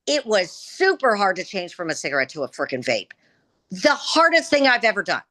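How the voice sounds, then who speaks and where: Woman, heated rant, rough catching throat, bright and forceful tone, mid pitch. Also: very animated, a little fast. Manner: emphatic, ranting, frequent "okay?" tags. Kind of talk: heated casual discussion.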